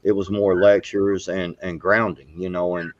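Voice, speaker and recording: A man's voice: sits low, little pitch movement, moderate pace, no room sound. A middle-aged man hosting a casual live talk show, rambling with many fillers and restarts. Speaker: podcast host. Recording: dull, muffled sound.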